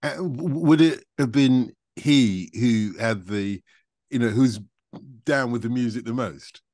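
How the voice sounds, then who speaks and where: A man's voice: mid-range voice, a little slow, a little mellow, dry recording. Chatty male interviewer, dry close sound. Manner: conversational and chatty, prompting with short affirmations. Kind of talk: casual interview.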